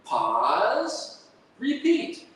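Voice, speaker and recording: A man's voice: sits high, huge pitch swings, drawn-out words, a bit bright. A man giving an academic lecture on music, breaking into sung da-da melodies to demonstrate his points. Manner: hums and sings melodies with da-da syllables. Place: lecture hall. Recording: echoey hall from far off.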